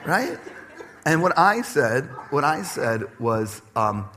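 A man preaching a sermon to his congregation, animated and personal, acting out quoted voices with laughter. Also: a little high, measured pace, slight background noise. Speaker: pastor. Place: church stage before a congregation.

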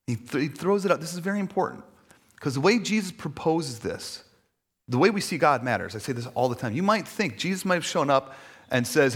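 A male pastor delivers a sermon in a loose, conversational way, full of fillers and small jokes at his own expense. His voice sits at an ordinary middle pitch for a man. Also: expressive, normal speed, slightly rough. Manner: conversational, self-deprecating humor, many fillers.

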